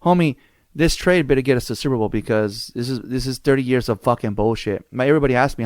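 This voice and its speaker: Man, podcast host, swears a lot, animated storyteller, dry close sound. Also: mid-range voice, fast talker, no echo. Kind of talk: casual chat.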